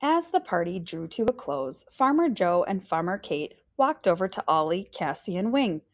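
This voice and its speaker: A woman reads a children's picture book aloud to young listeners. Her pitch swings widely and brightly as she leans into each line. She slips into little voices for the animals as she goes. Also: normal speed. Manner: lively, expressive reading with voices. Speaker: teacher reading aloud. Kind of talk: storybook read-aloud.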